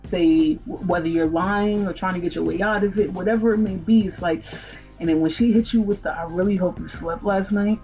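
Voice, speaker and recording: A woman's voice: fairly low pitch, a little fast, darkish tone, highs cut off. A woman hosting a music channel, breaking down song lyrics in a chatty, slangy way with rhetorical questions. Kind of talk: casual commentary on song lyrics.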